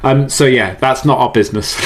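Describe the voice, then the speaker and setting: A man speaking as a podcast guest, explaining ideas in an animated way, often repeating words and laughing easily. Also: mid-range voice, normal speed, slight background noise. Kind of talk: conversational podcast interview. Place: based in the UK.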